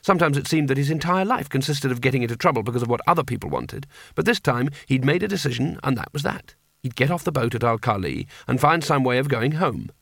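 A man narrating an audiobook in an even, dry storytelling manner. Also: mid-range voice, fast, gravelly, no room sound. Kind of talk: scripted narration.

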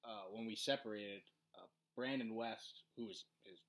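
A man co-hosting a podcast, recounting stories in a relaxed way with lots of fillers. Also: lowish voice, normal speed. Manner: relaxed storytelling with frequent fillers. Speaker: podcast co-host. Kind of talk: casual conversation.

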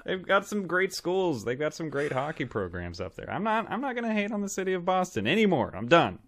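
A man co-hosting a podcast in a relaxed, joking chat. He laughs often and rambles, and his bright voice moves up and down a lot. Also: fairly high pitch, brisk. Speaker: podcast co-host. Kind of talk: casual chat.

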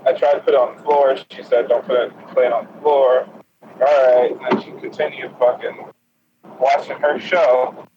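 A man's voice: mid-range voice, little pitch movement, moderate pace. A young man casually telling a crude, profane story to friends, laughing often and acting out what people said. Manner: profane, laughing, acts out quotes. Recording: lo-fi with loud noise.

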